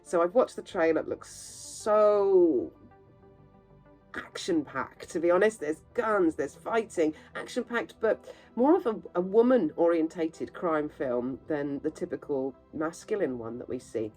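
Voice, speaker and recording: A woman's voice: low voice, normal speed, faint music behind, rough recording. Chatty woman hosting film news. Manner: chatty, animated and opinionated, with asides. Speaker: movie news host. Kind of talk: casual film news roundup.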